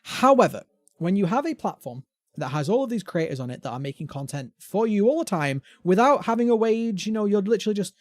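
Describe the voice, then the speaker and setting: A British man hosts a casual gaming podcast, ranting about platforms with lively, swooping intonation. His voice sits slightly high, and the recording is close and dry with no room sound. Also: a little fast, no echo. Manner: animated ranting, mimics voices. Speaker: podcast host.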